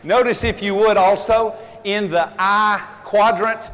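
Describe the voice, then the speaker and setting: Animated man telling funny stories. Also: sits high, measured pace, long reverb tail. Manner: animated, joking storyteller. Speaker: seminar speaker. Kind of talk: humorous seminar storytelling.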